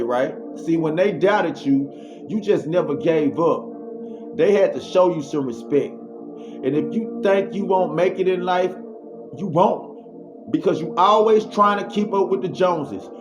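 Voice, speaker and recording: A man vlogger telling a story in an animated, slangy way and then preaching, with sound effects he makes himself. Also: on the high side, normal speed. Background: music.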